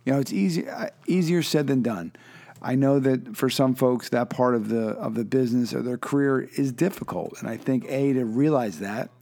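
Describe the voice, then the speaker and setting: Laid-back, mellow-voiced male podcast host. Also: mid-range voice, normal speed, creaky. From Philadelphia. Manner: laid-back, rambling, many fillers and restarts. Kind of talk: casual interview chat.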